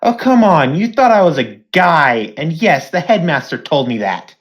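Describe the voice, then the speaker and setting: A woman's voice: low-pitched, big pitch swings, normal speed, muffled recording. A woman voicing a cocky young woman student who teases her rival. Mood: teasing. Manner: teasing, boastful.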